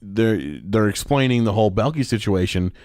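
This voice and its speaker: A man's voice: fairly low pitch, normal speed, darkish tone, dry recording, clean studio sound. A man co-hosting a podcast, chatting casually and a bit rambling as he recaps a sitcom episode. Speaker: podcast co-host.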